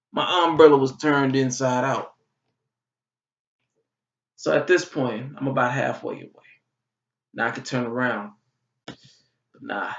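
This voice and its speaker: A young man from Georgia in his twenties, telling a funny story in a vlog, animated and full of swearing. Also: medium pitch. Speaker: vlogger. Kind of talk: comic storytelling. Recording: dull, slightly distant recording.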